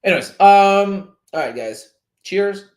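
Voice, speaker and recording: A man's voice: high-pitched, animated, slow. French-accented man, roomy sound. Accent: Québécois French. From Montreal, Canada. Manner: chatty, easily sidetracked, swears casually. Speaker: livestream host. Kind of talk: casual livestream chat.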